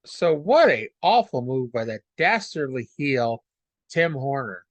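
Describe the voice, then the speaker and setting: A man's voice: mid-range voice, sing-song, a little slow, no room sound, faint music behind. A man hosting a podcast, recapping episodes casually with lots of fillers and asides. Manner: rambling, with many fillers. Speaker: podcast host.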